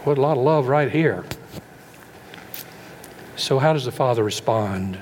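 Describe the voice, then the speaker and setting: A man preaching a sermon. His voice is mid-pitched and rings with a long reverb through a large hall, over a faint background hum. He keeps asking his listeners questions and often restarts a word mid-phrase. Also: expressive, measured pace, darkish tone. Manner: rhetorical questions and stumbling repeats.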